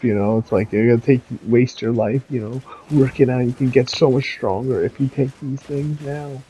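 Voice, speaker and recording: A man's voice: medium pitch, normal speed, mellow, husky. A young man ranting in casual commentary, swearing often, laughing and rambling with many fillers. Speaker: commentary vlogger. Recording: dull lo-fi audio.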